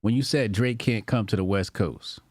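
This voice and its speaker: Low voiced guy interviewing someone, calm and steady, dry sound. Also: moderate pace, no room sound. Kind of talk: casual interview.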